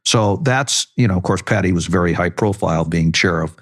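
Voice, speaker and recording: A man's voice: low voice, brisk. A man hosting a podcast interview, asking conversational questions. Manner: conversational, prompting. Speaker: podcast host.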